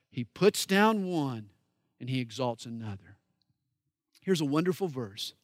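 A high-pitched man from the American South preaches with folksy emphasis. He booms through scripture readings, then drops to quiet asides. The sound is dry and close. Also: dry recording. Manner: folksy, emphatic, swings between loud declaiming and quiet asides. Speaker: pastor. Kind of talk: sermon.

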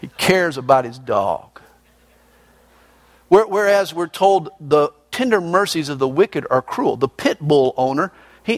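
A man's voice: on the high side, dry recording. A man preaching a sermon, reading scripture verses and explaining them in a folksy, joking way.

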